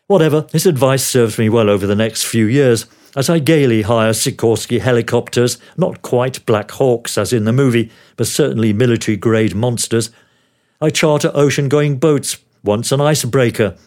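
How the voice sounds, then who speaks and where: An older man from Australia reads his memoir as a relaxed narration, voice sitting at an ordinary middle pitch. His delivery is wry and dryly funny, a former news producer looking back on his career. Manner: wry, dryly humorous storytelling. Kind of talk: memoir read aloud as narration.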